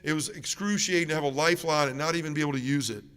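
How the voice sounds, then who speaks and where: A man giving an earnest, emotional faith testimony at a parish mission, dropping soft and low in the heavy moments. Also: racing, smooth. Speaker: guest speaker at a parish mission. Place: church. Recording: reverberant church sanctuary.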